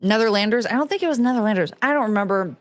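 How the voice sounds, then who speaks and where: A woman's voice: medium pitch, expressive, rapid-fire, dry recording, studio quality. A young woman hosting a casual commentary stream, rambling and swearing, slipping into mocking voices when she quotes people. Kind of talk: casual rambling livestream chat.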